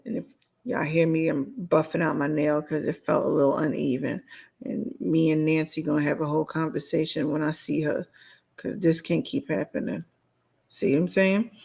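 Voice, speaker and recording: A woman runs her own solo podcast, ranting bluntly and sassily and repeating herself while she answers her live chat. Her voice is deep, husky and darkish, with vocal fry, a steady tone and a moderate pace.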